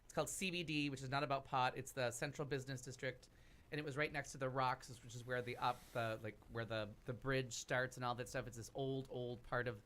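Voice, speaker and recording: A man's voice: medium pitch, fairly even intonation, brisk, a bit bright. A man on a talk show telling a long travel story in a casual, rambling way with lots of asides. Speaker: podcast cast member telling a travel story. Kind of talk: casual chat.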